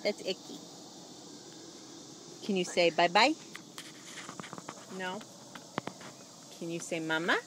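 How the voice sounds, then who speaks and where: A woman's voice: lowish voice, slow pace, pauses often, noisy background. A young mother filming her toddler at home, coaxing him with sing-song baby talk from behind a handheld camera.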